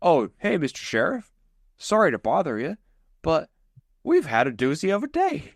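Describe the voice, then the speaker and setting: A man's voice: on the high side, huge pitch swings, moderate pace, creaky, no room sound, studio quality, voice pushed up, heavily acted. A man putting on a sheepish backwoods country guy.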